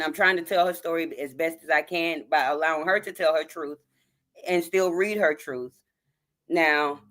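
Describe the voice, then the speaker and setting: A woman's voice: fairly low pitch, a bit bright. A woman hosting a live stream, choked up and near tears as she reads a story aloud and talks to her viewers as y'all. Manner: addresses viewers as y'all, greets chat by name. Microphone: phone.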